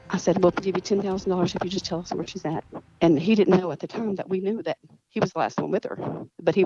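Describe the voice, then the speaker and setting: A woman's voice: fairly low pitch, a little mellow, highs cut off. A woman telling a story in a casual interview, rambling with restarts and acting out the dialogue she recalls. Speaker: guest, cousin of the missing woman.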